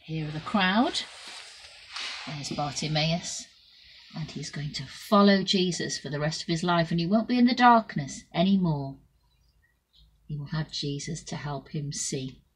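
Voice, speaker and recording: A woman telling a Bible story to children in an expressive way, shifting between loud and soft. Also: sits low, measured pace, husky, poor audio.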